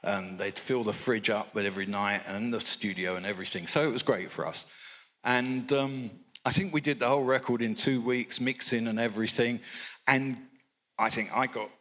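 An older record producer, interviewed on stage at a fan convention, telling rambling anecdotes with lots of fillers and asides. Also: male voice, mid-range voice, moderate pace, fairly bright tone. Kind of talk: relaxed anecdotal storytelling.

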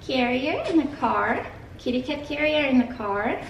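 Her voice sits high and sounds expressive and creaky, at normal speed, with a little hiss or hum behind it. The speaker is a young stay-at-home mom vlogging, chatting casually to the camera and coaxing her toddler in a sing-song manner.

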